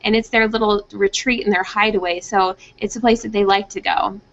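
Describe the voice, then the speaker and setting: A woman's voice: mid-range voice, a little fast. A young woman, a pet trainer, giving advice in a conversational way and livening it up by acting out what dogs are thinking in playful voices, heard over a video call. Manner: animated, acts out dogs' thoughts in playful voices. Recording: muffled, dull online video call audio.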